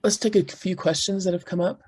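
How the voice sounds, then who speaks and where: A man's voice: high voice, fairly even intonation, brisk, a little mellow, husky. A man moderating a webinar, thanking the guest and reading audience questions. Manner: reads out questions plainly.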